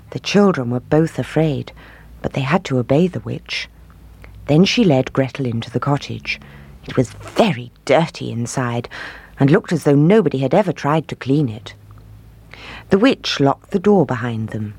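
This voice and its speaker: A storyteller reading a fairy tale aloud in an expressive voice. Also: mid-range voice, a little slow, gravelly, husky, no echo. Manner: expressive, shifting voices for each figure.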